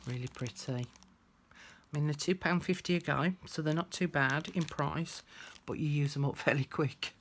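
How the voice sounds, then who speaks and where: A woman's voice: sits low, normal speed, slight background noise. A woman chatting casually through a craft tutorial, thinking aloud as she works.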